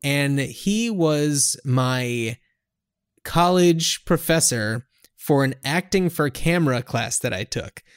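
A man's voice: medium pitch, animated, slow, clear, resonant tone, dry recording. Casual male podcast host, rambling, dry close-miked sound. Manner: rambling, filler-heavy. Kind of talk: casual chat.

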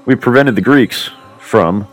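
A man's voice: fairly low pitch, unhurried, voice pushed up, natural voice. A man voicing a proud warrior prince who speaks in a formal, declamatory way. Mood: resolute. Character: proud male warrior prince, bold and commanding.

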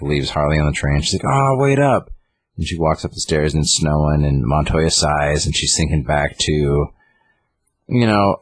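Very deep husky man, rambling. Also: dry recording. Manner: rambling retelling with many fillers. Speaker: comic book reviewer. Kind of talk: casual chat.

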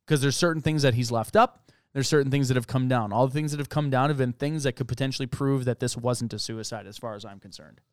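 A man's voice: mid-range voice, fast talker, clear, resonant tone, no echo, studio quality. A man co-hosting a true-crime podcast, talking casually and reading from case reports as he thinks aloud. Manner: conversational, reads from case documents, thinks aloud. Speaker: podcast co-host.

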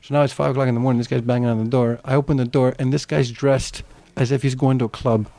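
A man telling a story in casual chat, profane and animated, raising his voice to act out the people he quotes. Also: mid-range voice, quick pace, no echo.

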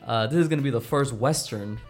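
A man's voice: medium pitch, brisk, faint music behind. A man hosting a casual film podcast, teasing his co-hosts and laughing often. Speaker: podcast host.

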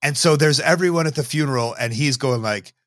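A man's voice: mid-range voice, brisk, a bit bright, no room sound, studio quality. Wry, rambling man on a podcast. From Illinois, US. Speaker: podcast guest. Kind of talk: casual podcast chat.

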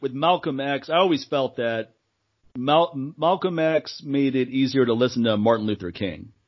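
A man in a relaxed casual chat who laughs often. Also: mid-range voice, normal speed. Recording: dull lo-fi recording.

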